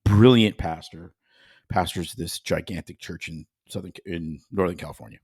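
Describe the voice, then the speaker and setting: Animated swearing podcast co-host man. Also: sits low, moderate pace, breathy edge, dry recording, studio quality. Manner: animated, swears freely, does mock accents. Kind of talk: casual chat.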